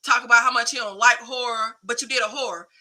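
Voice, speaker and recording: A woman hosting a film talk show in casual chat, animated and slangy. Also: on the high side, fast talker, low-quality recording. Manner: animated, slangy, emphatic, laughs often. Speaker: film podcast host.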